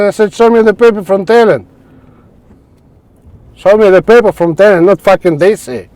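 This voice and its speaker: A man's voice: high-pitched, darkish tone, no echo. A man ranting angrily to camera in a vlog, swearing constantly and repeating himself in broken phrases. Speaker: vlogger. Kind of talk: angry profane rant to camera. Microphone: wireless clip mic.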